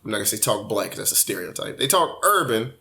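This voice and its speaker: Young guy on a podcast, bright voice, slangy storytelling, swears a lot. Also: on the low side, quick pace. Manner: animated storyteller, slangy and profane. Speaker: podcast host. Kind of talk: casual chat.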